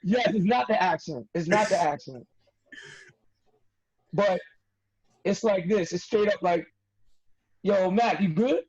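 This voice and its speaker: Husky high-voiced New wrestler. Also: male voice, animated, takes it slowly, pauses often, a little mellow. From New York. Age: young adult. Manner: streetwise, emphatic, repeats himself for effect. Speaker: wrestler and podcast guest. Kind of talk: casual podcast interview. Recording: dull lo-fi audio.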